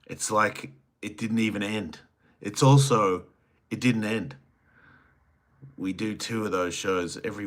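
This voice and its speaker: A man's voice: lowish voice, measured pace, long pauses. A man hosting a solo livestream, reading viewer chats aloud and answering them with crude joking banter that sometimes trails off into mumbles. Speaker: podcast host.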